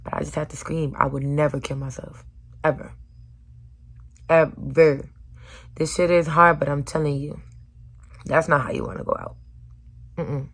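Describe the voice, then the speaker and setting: A young woman talking earnestly to her viewers in a personal vlog, her voice hoarse from screaming, moving between loud urging and soft near-whispers. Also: low voice, a little fast. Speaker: vlogger.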